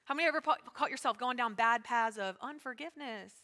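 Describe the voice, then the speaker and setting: A woman pastor preaching a sermon, talking fast and emphatically and calling out to her congregation. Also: fairly high pitch, pushed and bright. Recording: long hall reverb.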